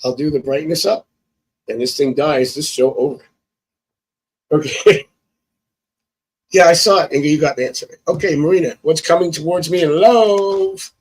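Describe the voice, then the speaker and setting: A man's voice: on the high side, moderate pace, long pauses, husky, low-quality recording. A man reading tarot cards on a live stream. He chats casually, thinks aloud and chuckles often. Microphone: phone.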